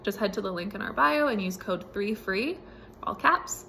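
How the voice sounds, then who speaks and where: A woman hosting a spiritual podcast, speaking in a relaxed and casual way with many fillers, recorded at home. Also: medium pitch, normal speed, gravelly, a little hiss or hum. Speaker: podcast host.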